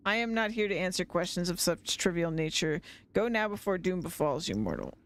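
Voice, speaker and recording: A streamer voicing a man in a bear suit who poses as a grandiose mountain god, speaking in slow, menacing pronouncements. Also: mid-range voice, expressive, a bit bright. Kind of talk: reading game dialogue aloud on a livestream.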